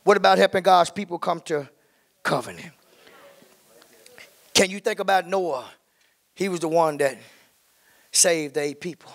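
Fervent high-voiced male pastor preaching. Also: lively intonation, creaky. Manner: call-and-response preaching, repeating "my God" and "come on, somebody"; climbs into fervent, drawn-out shouting at the peaks. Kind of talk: sermon. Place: church.

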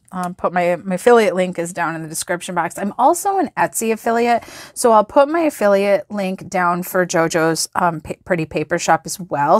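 A woman vlogger excitedly showing stickers and washi tape, gasping and gushing over each item. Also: lowish voice, no room sound, clean studio sound. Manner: gushing, gasps and exclaims over items. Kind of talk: excited product flip-through.

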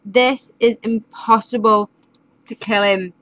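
A woman's voice: fairly high pitch, fairly even intonation, moderate pace, dry recording, lo-fi sound. Chatty woman narrating gameplay. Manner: chatty, exasperated, laughs often. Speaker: gaming YouTuber. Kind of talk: casual let's-play commentary.

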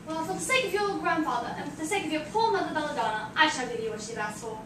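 A woman's voice: high voice, fast talker, natural voice. A woman doing a mischievous old wizard. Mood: teasing. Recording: echoey room, distant mic, noisy.

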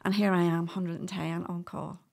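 Guesting on a casual podcast, a middle-aged Northern Irish doula tells stories in a chatty way and laughs often. Her voice sits lowish and creaky, a touch mellow, with a level tone and moderate pace.

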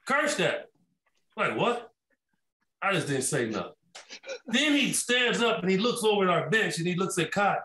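High, lively man in an echoey room. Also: unhurried, long pauses, distant mic. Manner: acts out the lines of others in his story. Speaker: former player telling a story. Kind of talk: animated storytelling.

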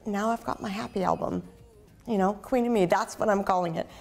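A woman's voice: medium pitch, fairly quick, vocal fry, darkish tone, faint music behind. A woman from Canada, a singer chatting casually and upbeat in an interview, often saying "you know".

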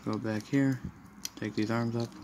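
A man's voice: mid-range voice, steady tone, measured pace. A man doing a casual, rambling toy review at home, apologetic and frustrated. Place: room in a house. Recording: noisy home recording.

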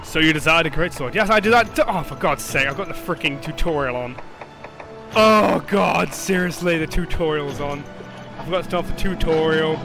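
A young man hosting a gaming channel, giving excitable, joking, profane commentary as he plays online with teammates. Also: on the high side, a little slow, long pauses. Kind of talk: live gameplay commentary. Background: game music.

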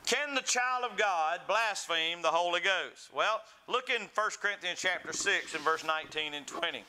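A man's voice: sits high, moderate pace, bright, forceful tone, a little hiss or hum, low-quality recording. A man preaching a sermon, telling stories and acting out the voices in them. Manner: storytelling preacher, acts out quoted voices with big swings. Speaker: pastor.

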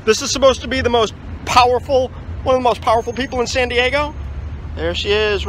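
Defiant, high-voiced male street activist. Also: fairly bright tone, slight background noise, poor audio. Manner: sardonic, defiant, preachy. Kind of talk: self-filmed protest documentary. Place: outdoors by a city building.

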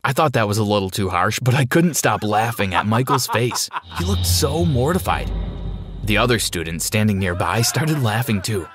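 A man narrating a dramatic first-person story in an expressive storytime style. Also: lowish voice, moderate pace, music in the background.

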